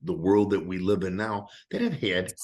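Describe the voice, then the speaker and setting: A man's voice: sits low, animated, moderate pace, a little mellow. A man hosting a casual interview, asking long, rambling questions full of fillers and asides. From Italian-American family in Illinois. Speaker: interviewer, host.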